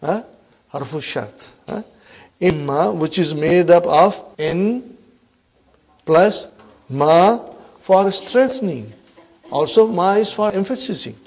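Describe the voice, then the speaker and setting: A man teaching an Arabic grammar class, repeating example sentences slowly and often checking in with the students. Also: high voice, lively intonation, darkish tone. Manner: checks in often with "huh?" and "are you with me".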